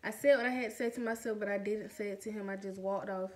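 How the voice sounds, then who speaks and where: A young woman telling a storytime vlog in a chatty, animated way, full of slangy asides. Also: mid-range voice, quick pace. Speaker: vlogger.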